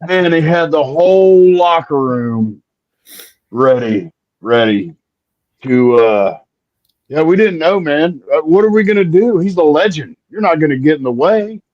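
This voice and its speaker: Brief: male guest storyteller, 40s, animated raconteur doing quick voice impressions, dry close sound. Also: fairly high pitch, no echo. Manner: lively raconteur, acts out quoted voices. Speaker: guest wrestler. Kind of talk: casual storytelling. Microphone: remote stream call. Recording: slightly muffled lo-fi audio.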